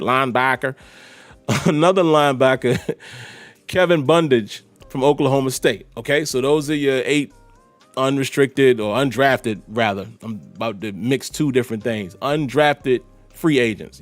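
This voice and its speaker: A man's voice: mid-range voice, no echo. A man hosting a solo podcast, talking casually and directly to his listeners. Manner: chatty, animated, talks straight to listeners. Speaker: podcast host.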